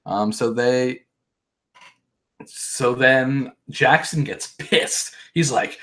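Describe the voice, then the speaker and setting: A man's voice: mid-range voice, drawn-out words, a bit bright. A man hosting a podcast, casually recapping a reality show in a rambling, profane way with joking asides. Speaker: podcast host.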